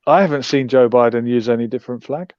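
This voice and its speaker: A man's voice: mid-range voice, fast talker, clean tone, no echo, lo-fi sound. A man hosting a livestream, musing with wry, sarcastic commentary. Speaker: host.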